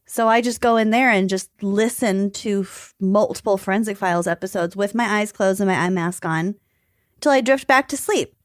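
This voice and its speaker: A woman's voice: medium pitch, moderate pace, dry recording, clean studio sound. A woman, co-hosting a podcast, chatty and giggly. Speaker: podcast co-host. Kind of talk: casual chat.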